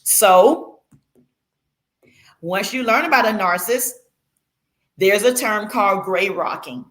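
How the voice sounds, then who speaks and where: A woman's voice: mid-range voice, animated, slow, fairly bright tone. A woman talking casually in a vlog, explaining a topic with many fillers and restarts. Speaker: Christian vlogger.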